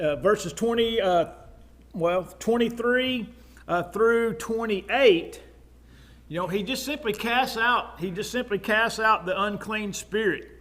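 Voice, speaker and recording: A man's voice: high voice, fairly bright tone. A man with a Texan accent preaching in a conversational Bible class style, with frequent fillers and asides. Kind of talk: sermon, Bible class teaching.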